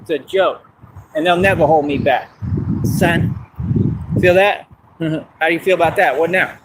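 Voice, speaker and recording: A man rants outdoors at night, boastful and combative, circling back to the same points. His voice sits a little high for a man. Steady background noise from the open air and passing traffic runs under the stream. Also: unhurried. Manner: boastful, combative, repeats himself. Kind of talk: ranting monologue. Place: outdoors in the dark.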